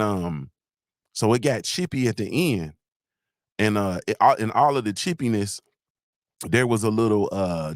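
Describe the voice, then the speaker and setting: On his livestreamed motivational show, the host rambles through a casual, slangy story and keeps asking his audience "you feel me?". His voice runs lowish, and the audio is studio quality with no room sound.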